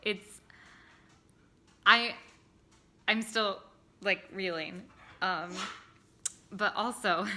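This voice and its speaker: A woman's voice: mid-range voice, takes it slowly, pauses often, background noise. A young woman vlogging in casual chat, tired, chatty, laughing often and filling with lots of ums and likes.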